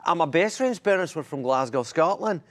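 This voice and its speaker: A man, a comedian and voice actor, chatting as a TV show guest, animated and joking. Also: a little high, fairly quick. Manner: animated, keeps slipping into character voices. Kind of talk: casual chat show interview.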